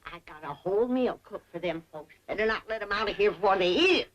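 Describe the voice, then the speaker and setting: A woman's voice: medium pitch, expressive, fast talker, muffled recording, natural voice. A woman playing a cranky old hillbilly granny. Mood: grumbling. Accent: Ozarks. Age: older. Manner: cranky, scolding drawl. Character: feisty stubborn old backwoods granny. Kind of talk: 1960s sitcom acting. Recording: noisy old TV soundtrack.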